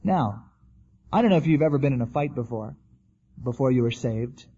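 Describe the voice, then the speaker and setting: A man's voice: medium pitch, animated, moderate pace, dark tone, dull audio, a little hiss or hum. A man preaching a sermon in a conversational way, acting out the quotes he tells. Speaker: pastor.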